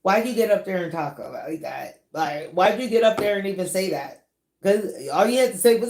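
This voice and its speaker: A woman hosting a celebrity gossip channel, chatting casually in an animated way, laughing often and drawing out her words. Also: medium pitch, fairly quick, echoey room. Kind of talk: casual commentary.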